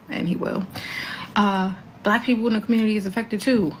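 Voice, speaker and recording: A woman's voice: mid-range voice, steady tone, brisk, a little hiss or hum, poor audio. A woman giving an emphatic opinion monologue, making numbered points in blunt, profane slang. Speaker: commentator.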